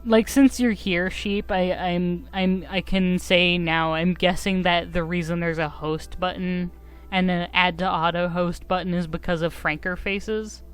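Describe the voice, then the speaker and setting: A woman's voice: lowish voice, steady tone, measured pace, smooth, faint music behind. A young woman streaming a game, chatting casually in a giggly, self-mocking, rambling way. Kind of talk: casual live-stream chat.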